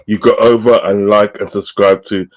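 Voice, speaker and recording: A man's voice: on the low side, level tone, moderate pace, highs cut off. A man hosting a casual live-stream chat, reading out viewers' messages with frequent laughter. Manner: laughs often, reads out chat shout-outs. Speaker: host.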